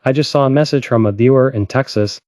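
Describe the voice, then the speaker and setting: Dark-voiced man giving impassioned commentary. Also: mid-range voice, fast talker, no echo, studio quality. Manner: dramatic, emotional, urgent. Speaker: host.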